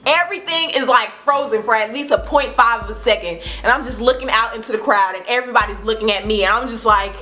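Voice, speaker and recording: Woman vlogger in her twenties, high voice, bright and lively, casual storytime, faint music behind. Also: fast talker, hardly any pauses. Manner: animated, acts out quotes with laughs.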